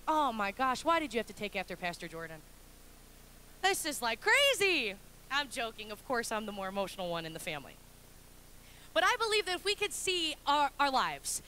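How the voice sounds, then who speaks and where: A young adult woman pastor preaching a sermon with animated, humorous storytelling. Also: high-pitched, a little hiss or hum.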